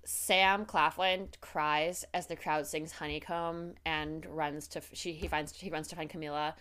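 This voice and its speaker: A young woman with a somewhat low voice talks at length in loose podcast chat. She is animated and swears freely. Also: a little slow. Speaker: podcast co-host. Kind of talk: casual chat.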